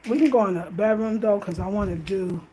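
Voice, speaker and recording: A woman's voice: mid-range voice, a little fast, dark tone, slight background noise. A chatty woman vlogging at home, laughing often and talking in a casual, slangy way. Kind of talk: casual chat to camera. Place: outdoors at night on a country road, then indoors at home.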